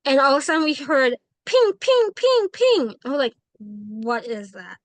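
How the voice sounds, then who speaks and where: Lively woman telling a ghost story. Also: high voice, moderate pace, no echo. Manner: animated, acts out quoted dialogue, frequent "like". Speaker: paranormal investigator, guest. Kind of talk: casual interview storytelling.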